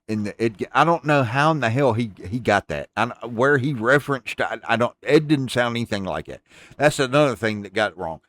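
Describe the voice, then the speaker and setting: Emphatic ranting man with a lively voice. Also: mid-range voice, dry recording. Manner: emphatic, ranting, swears freely; addresses listeners as folks. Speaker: podcast host. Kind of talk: casual chat.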